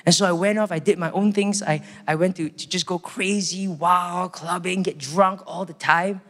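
A man's voice: high-pitched, fairly even intonation, moderate pace, a bit bright. A man with a Singaporean English accent giving a sermon testimony, telling his story with animation and acting out the voices. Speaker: preacher. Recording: long hall reverb.

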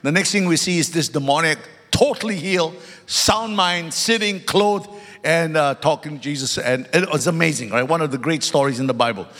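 A man's voice: a little high, normal speed, fairly bright tone. A man preaching a sermon in a church, emphatic and fond of repeating key words, calling out to his congregation and slipping in joking asides. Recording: long hall reverb.

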